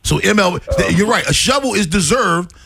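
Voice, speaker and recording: A man's voice: high voice, fairly quick, vocal fry, breathy edge. A man with a Baltimore accent hosting a sports radio show, teasing his co-host and taking calls. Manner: teasing, lively, takes calls. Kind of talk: casual sports radio banter. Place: radio studio.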